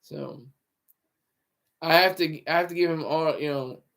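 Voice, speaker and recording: A man's voice: a little high, unhurried, fairly bright tone. A man livestreaming casual commentary in a rambling, sarcastic way. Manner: rambling and sarcastic, with frequent restarts.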